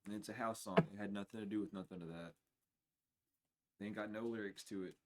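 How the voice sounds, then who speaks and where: A man giving a spiritual reading on a livestream in a casual, profane way, dropping to low mutters and then bursting out loud and laughing. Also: fairly even intonation, quick pace, a little hiss or hum. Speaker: spiritual reader.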